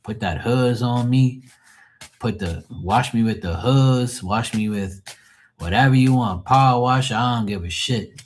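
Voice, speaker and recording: A man voicing his easygoing male pit bull, in a relaxed, carefree way with casual cursing. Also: mid-range voice, a little slow, slight background noise, natural voice.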